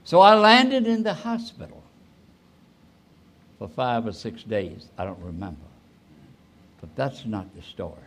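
A man in his eighties, a pastor telling a personal story in a sermon, rising suddenly and trailing off softly. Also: mid-range voice, wildly swooping pitch. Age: 80s. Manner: slow, with sudden rises and soft trailing endings.

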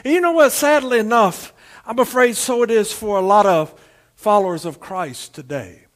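A high-pitched man preaching. He tells stories in a folksy, homespun way and stretches his phrases for emphasis, as a pastor addressing his congregation. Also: normal speed. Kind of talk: sermon. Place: church service streamed to homes.

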